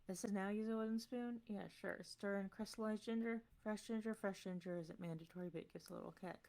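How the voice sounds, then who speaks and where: A just-woken woman giving an offhand, deadpan promo that rambles through a recipe. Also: medium pitch, fast. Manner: sleepy, deadpan, trails off. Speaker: tournament competitor giving a promo.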